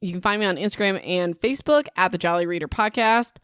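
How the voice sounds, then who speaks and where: A woman's voice: mid-range voice, fast, fairly bright tone, clear, resonant tone, dry recording, clean studio sound. A woman hosting her own podcast in a chatty, rambling, self-deprecating way, talking into a home microphone. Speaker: podcast host. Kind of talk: casual solo podcast chat.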